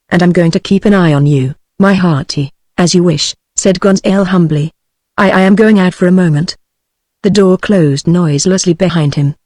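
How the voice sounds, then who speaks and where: A text-to-speech voice of a woman with a British English accent, reading a novel aloud as an audiobook narrator in an even, steady delivery. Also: fairly low pitch, dry recording, clean studio sound.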